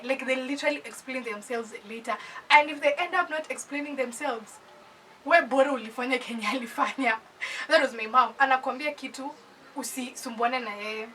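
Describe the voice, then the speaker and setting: A young woman from Kenya with a Kenyan accent, telling a personal story in an animated, casual storytime voice that mixes English with Swahili slang. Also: high voice, fairly quick, distant mic, a little hiss or hum, low-quality recording.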